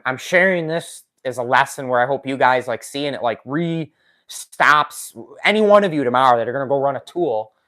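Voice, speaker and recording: A man hosts a casual live stream, talking straight to his viewers. He reads their comments out loud and laughs often. He speaks into a desk microphone with his injured hand in a splint. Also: medium pitch. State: recovering from a finger injury, in a splint. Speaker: woodworking channel host.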